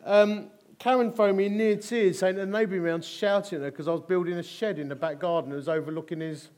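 High-voiced preacher. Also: male voice, a little fast. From England. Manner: animated, humorous, emphatic repetition. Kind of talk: sermon with storytelling.

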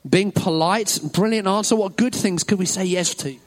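Man, children's talk at church, high voice, encouraging, praises each answer. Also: moderate pace. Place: church hall with an audience.

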